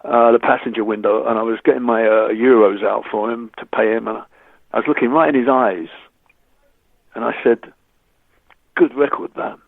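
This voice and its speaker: A man from England tells lively stories as an interview guest, slipping into the voices of the people he quotes and stumbling over restarts. His voice sits in a middle range. It comes through a dry, narrow, phone-like line. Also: medium pitch, moderate pace, gravelly, pauses often, no room sound. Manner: animated storyteller, acts out quoted voices, stammers on restarts. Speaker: musician guest. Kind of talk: anecdotal interview chat.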